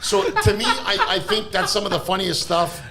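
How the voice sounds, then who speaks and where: A man, a guest comedian on a podcast, telling animated comedy stories, laughing through them and shouting exaggerated impressions. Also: high voice, normal speed, very noisy. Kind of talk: storytelling comedy anecdotes. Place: podcast studio.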